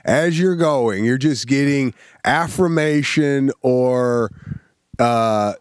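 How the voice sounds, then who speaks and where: Animated man telling stories, dry sound. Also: medium pitch, slow, smooth, no echo. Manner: animated storyteller, says "bro" a lot. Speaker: podcast co-host. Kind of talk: casual storytelling chat.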